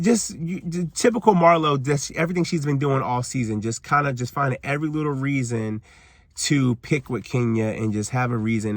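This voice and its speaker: A man's voice: medium pitch, dry recording. A man giving a casual, rambling recap of a TV episode outdoors, leaning heavily on "like" and "you know" as he talks to his viewers. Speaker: TV recap vlogger. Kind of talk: casual reality-TV recap rant. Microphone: camera he is holding or propping up.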